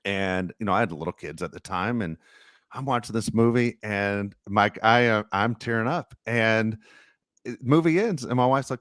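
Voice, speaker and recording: A man's voice: mid-range voice, expressive, normal speed, a bit bright, dry recording, studio quality. A middle-aged man hosting a podcast, telling self-deprecating stories with many restarts. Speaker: podcast host. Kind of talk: casual podcast chat.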